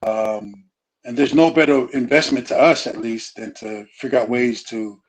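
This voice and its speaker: A man's voice: mid-range voice, moderate pace, poor audio. A middle-aged man in casual conversation, talking loosely with frequent restarts and "you know" fillers. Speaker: guest speaker on family.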